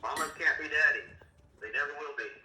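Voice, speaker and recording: The echoey, distant phone recording, with faint noise, captures a middle-aged father giving his kids a stern, scolding Bible lesson. His voice is on the high side, pushed and bright, moving a little fast as he preaches scripture.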